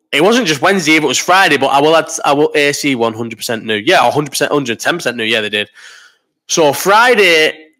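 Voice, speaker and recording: A man in his thirties hosts a live stream, chatting loosely and swearing as he works through viewers' comments. His voice is bright and forceful. He is ill with a cough, and the delivery wanders from one tangent to the next. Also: mid-range voice. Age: 30s. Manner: sweary, rambling banter. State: sick with a cough. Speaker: live chat host. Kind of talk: casual live-stream chat reading comments. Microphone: desk microphone.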